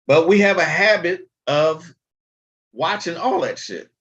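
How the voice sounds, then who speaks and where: A man's voice: fairly high pitch, animated, measured pace, a bit bright, muffled recording. A man hosting a casual livestream, talking bluntly and chattily and swearing freely. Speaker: livestream host.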